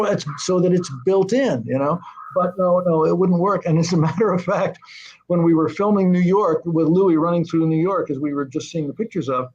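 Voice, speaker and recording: An older man, a guest on an interview show, telling anecdotes in an animated way and acting out the voices of people he quotes. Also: a little high. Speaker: guest, TV series creator. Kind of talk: anecdotal storytelling. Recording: muffled lo-fi audio.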